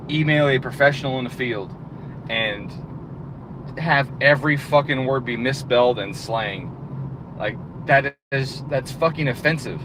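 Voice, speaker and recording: A man with a slightly high voice rants, exasperated and profane, letting the swearing pile up as he goes. Street noise and passing traffic sit clearly behind him. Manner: heated, profane, exasperated ranting. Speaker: channel host. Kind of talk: profane ranting monologue.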